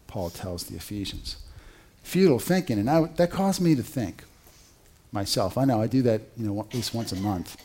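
A male pastor preaching a sermon in an animated, conversational way, with rhetorical questions to the congregation. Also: fairly low pitch, normal speed, slightly rough.

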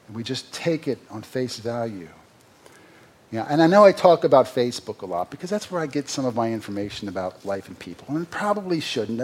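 A man's voice: mid-range voice, a little hiss or hum. A man preaching a sermon as pastor, earnest, with sarcastic asides and emphatic rises.

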